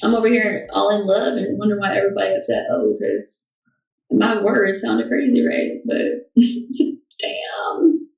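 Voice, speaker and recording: A woman's voice: mid-range voice, fairly even intonation, a little slow, gravelly, darkish tone, far from the mic, faint music behind. A young woman chatting casually on a livestream, answering fan questions with lots of fillers and restarts. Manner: chatty, rambling, many fillers. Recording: echoey room, off-mic.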